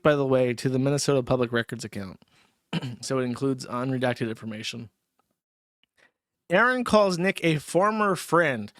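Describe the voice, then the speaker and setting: A man's voice: a little high, a bit bright, no room sound, studio quality. Crude, sardonic man streaming commentary. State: tipsy from drinking. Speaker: streamer host. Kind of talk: casual livestream commentary.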